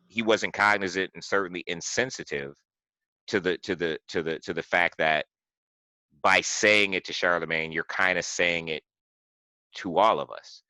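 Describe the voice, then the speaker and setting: A man with an extremely low voice that still has a bright edge, talking through a story in a loose, rambling way. He keeps restarting sentences and padding them with "you know." The sound is dry and close. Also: no room sound, low-quality recording. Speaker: podcast host. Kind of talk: casual political discussion.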